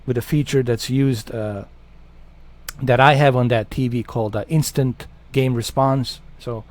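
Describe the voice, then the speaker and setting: A man's voice: medium pitch, steady tone, a little slow, no room sound. A man hosting a gaming channel, chatting in a casual, rambling way and swearing freely.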